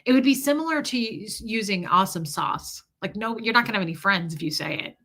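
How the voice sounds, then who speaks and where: A woman live-streaming, telling animated stories in casual chat, reading viewer comments aloud and swearing freely. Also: mid-range voice, fairly quick.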